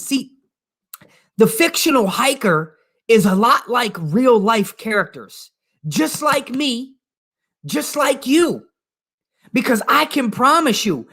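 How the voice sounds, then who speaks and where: A man's voice: very high voice, a bit bright. A man coaching his audience in an earnest, emphatic live talk, often repeating his phrases for effect. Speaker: motivational coach. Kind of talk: live-streamed motivational talk.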